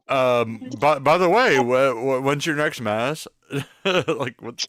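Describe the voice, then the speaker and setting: A man's voice: medium pitch, slow, fairly bright tone, no room sound, studio quality. A man hosting a casual late-night podcast from home, rambling and stammering, swearing a lot as he tells a story. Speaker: podcast host. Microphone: close mic.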